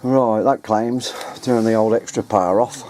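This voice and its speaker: Out in his garden and up on ladders at home, this radio hobbyist vlogger chats casually to his handheld camera, fixing his own words as he goes. His voice is lowish, steady, and a little mellow, at a normal speed.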